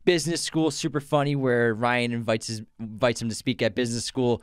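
A man's voice: mid-range voice, fairly even intonation, a little fast, clear, resonant tone, dry recording, studio quality. Chatty man listing favorite episodes. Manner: lists episodes, laughs often, quotes characters. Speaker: podcast co-host. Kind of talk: casual chat.

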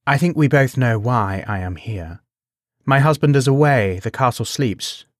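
A man's voice: mid-range voice, expressive, measured pace, dry recording, clean studio sound, close to an everyday voice. A man voicing a bold, seductive noblewoman. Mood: coaxing.

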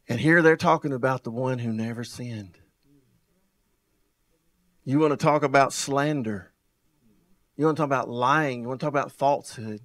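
A male pastor, preaching a sermon full of rhetorical questions and repeated phrases, swinging between loud and soft and drawing out words for emphasis. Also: mid-range voice. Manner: wide swings in loudness and pace, drawn-out emphasis.

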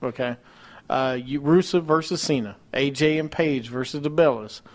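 A man's voice: mid-range voice, moderate pace. A man co-hosting a casual wrestling talk show, rattling off match cards and ranting with mocking disbelief. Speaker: podcast co-host.

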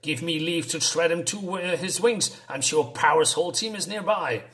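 A man reading out a boastful male robot henchman who speaks formally and flatters his master. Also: fairly high pitch, moderate pace, lightly acted. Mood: eager.

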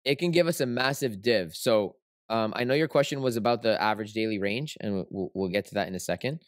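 A man's voice: fairly low pitch, brisk, dry recording, studio quality. A man hosting a trading livestream, teaching in a casual, rambling way with lots of fillers and tag questions.

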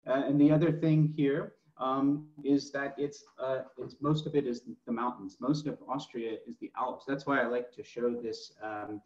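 A man's voice: mid-range voice, steady tone, normal speed, few pauses, darkish tone, roomy sound, lo-fi sound. A middle-aged man, a master sommelier, presenting slides over a video call, keen and full of fillers and restarts. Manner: enthusiastic, with many fillers and restarts. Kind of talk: presenting slides in a wine tasting webinar.

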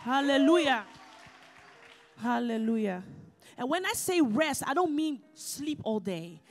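A woman preaching a sermon as a deaconess at a church service, passionate, shouting her declarations and dropping into Dutch phrases now and then. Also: sits high, very animated, measured pace, soft background music, a faint crowd. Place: church service with live congregation.

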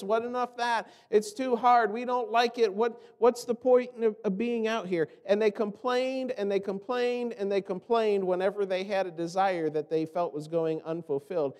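An American man preaching a sermon as pastor, animated and often mimicking the complaining voices of others. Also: high-pitched, clear, resonant tone. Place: church sanctuary. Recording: long church reverb.

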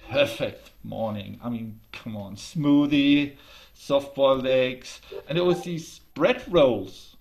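A man telling a folk tale aloud, slow and deliberate with long pauses. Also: medium pitch. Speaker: storyteller. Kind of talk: oral storytelling.

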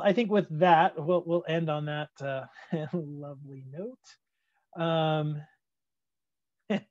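A man's voice: a little high, a little mellow, dry recording, highs cut off. A man teaching a physics class over a video call, chatty and laid-back, with lots of fillers. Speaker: physics instructor. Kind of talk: casual online lecture.

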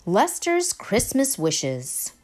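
Slow, lively woman reading a storybook. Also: a little high, soft background music. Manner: expressive, slow and lively read-aloud. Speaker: storybook reader. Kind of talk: reading a children's picture book aloud.

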